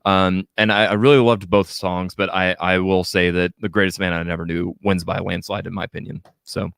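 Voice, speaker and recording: A man's voice: deep voice, little pitch movement, brisk, vocal fry, a bit bright, clean tone, no echo, clean studio sound. A man in his thirties hosting a casual music podcast, talking in a rambling way with lots of fillers. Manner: rambling, filler-heavy, enthusiastic. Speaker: podcast host.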